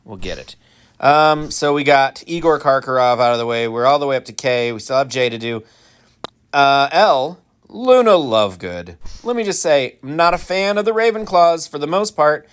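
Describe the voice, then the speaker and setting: A man giving casual, rambling commentary while playing a game, full of ums and restarts, with animated mock-indignant asides. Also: fairly high pitch, moderate pace, clear, resonant tone. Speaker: gaming channel host.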